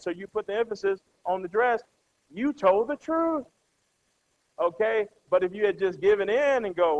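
A man's voice: sits high, animated, normal speed. A man preaching a conversational sermon to a congregation, often checking in with "right?" and acting out everyday characters. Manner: acts out everyday characters with a changed voice. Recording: dull lo-fi sound.

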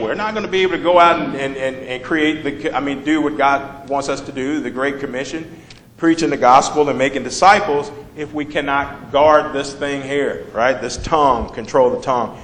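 A man's voice: a little high, fairly bright tone, reverberant, rough recording. A man preaching a conversational sermon, reading scripture and asking the congregation questions as he explains it.

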